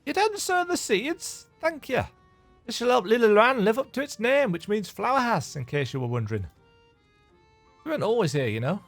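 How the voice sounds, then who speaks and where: A man's voice: high voice, big pitch swings, normal speed, creaky, faint music behind, pitched above the performer's own voice, heavily acted. A man voicing a mischievous, fun-loving pixie fairy in a video game, reading its lines aloud in a sing-song, teasing way with an attempted Scottish lilt. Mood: wistful.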